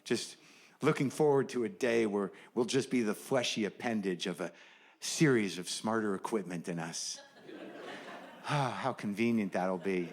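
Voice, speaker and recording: A man's voice: fairly low pitch, normal speed. A middle-aged man doing a stand-up comedy set, riffing in a wry, sardonic, conversational way.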